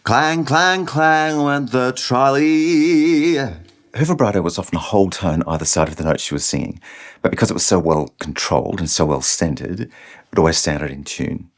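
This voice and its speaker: A man teaching singing technique in an instructional video, explaining each idea clearly. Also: very deep voice, a little fast. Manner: explains clearly, breaks off to sing short demonstrations.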